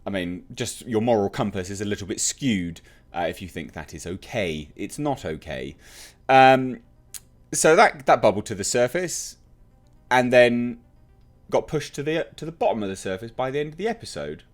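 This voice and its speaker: A man's voice: lowish voice, animated, moderate pace, soft background music. A British man hosting an opinionated TV review, ranting bluntly and sarcastically. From Britain. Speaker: TV reviewer host.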